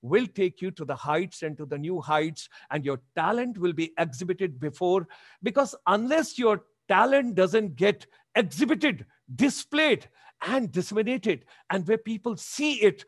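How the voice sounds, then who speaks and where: A man's voice: high voice, very animated, measured pace, no room sound, studio quality. A man in his seventies with an Indian accent, giving a motivational webinar talk with emphatic, repeated exhortations over a video call. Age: 70s. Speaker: motivational speaker.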